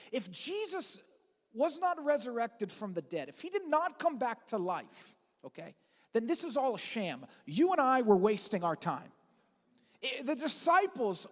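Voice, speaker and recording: A lead pastor giving an Easter sermon in an energetic, conversational way with casual asides and fillers. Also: mid-range voice, in a large hall. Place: large church auditorium.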